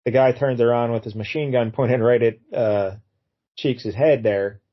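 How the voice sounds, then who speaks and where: A man's voice: medium pitch, moderate pace, highs cut off. A man casually retelling a comic book story as a podcast co-host, acting out the characters' lines in funny voices. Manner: animated, acts out quotes in funny voices.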